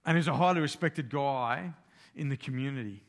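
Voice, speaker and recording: A man's voice: medium pitch, brisk. A man giving a sermon, retelling a story in plain, conversational language with everyday slang. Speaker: preacher.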